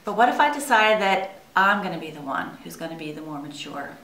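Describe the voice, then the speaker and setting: A woman's voice: low-pitched, big pitch swings, fairly quick, a bit bright. A woman giving an earnest devotional sermon to her church, asking many rhetorical questions. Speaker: church speaker. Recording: echoey room, far from mic.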